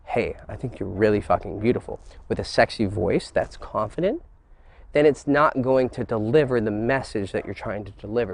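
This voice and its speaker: A man giving a dating lesson, switching between teacherly explanation and excited, crude joking, swearing casually. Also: medium pitch, dry recording. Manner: animated, mixes teacherly talk with excited crude jokes. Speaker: dating coach. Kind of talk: instructional monologue.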